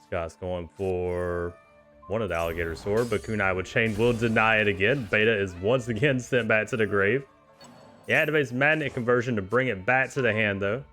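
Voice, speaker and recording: A man giving casual, excitable play-by-play commentary on a card game tournament, chuckling often and cheering the players on. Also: fairly low pitch, moderate pace, soft background music.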